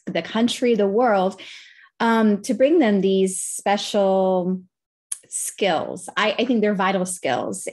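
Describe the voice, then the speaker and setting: A woman's voice: mid-range voice, darkish tone. A woman with a Southern American accent, a nonprofit founder answering interview questions in an earnest, explanatory way. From Southern United States.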